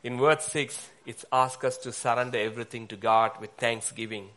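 A man preaching a sermon, speaking haltingly with fillers and pauses. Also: mid-range voice, steady tone, fairly bright tone.

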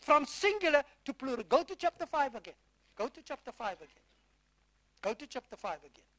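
Emphatic preacher, high and bright-toned, drawn-out delivery, drills points with repeated questions. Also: very animated. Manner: repeats phrases, quizzes the audience with questions; emphatic, stretching key words slowly. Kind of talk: sermon with Bible reading.

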